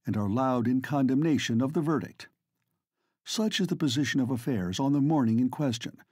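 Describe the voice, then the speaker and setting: A man narrating an audiobook in a measured, formal reading. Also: medium pitch, a little mellow, slightly rough, no room sound, studio quality. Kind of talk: scripted narration.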